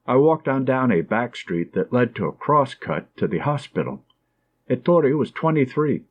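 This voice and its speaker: Expressive male audiobook narrator. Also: mid-range voice, moderate pace, muffled recording.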